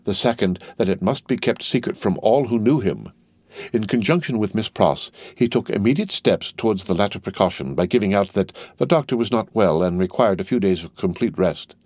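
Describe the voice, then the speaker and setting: A man with a low, deep voice reads a classic novel aloud in a measured, steady way. His narration is calm and even. The recording is dry and close, with no room sound. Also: no room sound. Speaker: audiobook narrator. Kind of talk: scripted narration.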